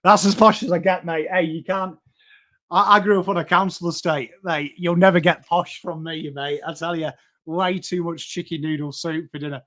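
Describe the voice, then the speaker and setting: A man's voice: on the high side, steady tone, normal speed, a bit bright. An English man with a Yorkshire accent hosting a live sports stream, chatty and matey, greeting viewers by name and swearing casually. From England. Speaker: host.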